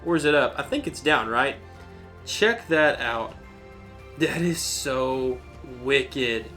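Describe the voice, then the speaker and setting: Bright-voiced, gushing unboxing host. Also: male voice, medium pitch, expressive, slow pace, soft background music. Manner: enthusiastic, rambling, gushing. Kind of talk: excited unboxing commentary.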